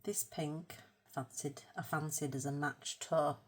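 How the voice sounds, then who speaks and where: A woman with a low voice and an unhurried pace chats her way through a colour-with-me painting session. She rambles, pokes fun at herself and drops to a soft murmur as she works the brush. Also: fairly even intonation, slightly rough. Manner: chatty, rambling, self-mocking. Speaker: art channel host. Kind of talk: casual colour-with-me chat.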